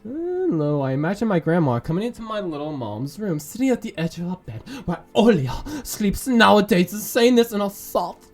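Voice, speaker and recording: A man's voice: sits high, sing-song, moderate pace, hardly any pauses. A man doing let's play commentary, reading game text aloud and cracking profane, rambling jokes. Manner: profane, rambling, jokey asides. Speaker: gaming YouTuber. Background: faint game music.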